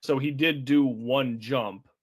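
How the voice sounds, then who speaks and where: A man co-hosting a podcast, recapping a film's plot in a relaxed, chatty way with an occasional chuckle. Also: medium pitch, slow pace. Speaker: podcast co-host. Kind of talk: casual chat.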